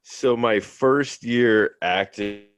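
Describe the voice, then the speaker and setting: A man's voice: medium pitch, drawn-out words, smooth, dry recording. A man, a special effects makeup artist and haunt actor, chatting and telling jokey stories as a podcast guest. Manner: joking, animated storyteller. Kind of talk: casual podcast chat.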